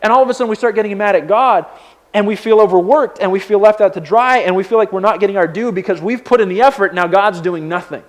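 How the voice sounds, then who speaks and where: A young man delivers a sermon as a pastor, and his voice sits high for a man. He talks conversationally, telling personal stories with many fillers and restarts. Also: fast talker.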